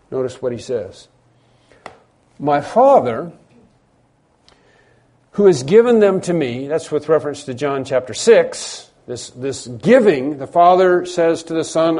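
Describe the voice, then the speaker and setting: A man preaching a sermon, stressing words loudly and then dropping low, often repeating phrases. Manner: emphatic, repeats phrases, swings between loud stresses and quiet drops.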